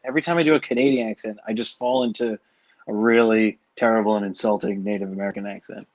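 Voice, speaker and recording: A man's voice: fairly low pitch, fairly even intonation, fast, darkish tone, dull audio. A man co-hosting a casual livestream, joking and bantering in a playful way. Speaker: co-host.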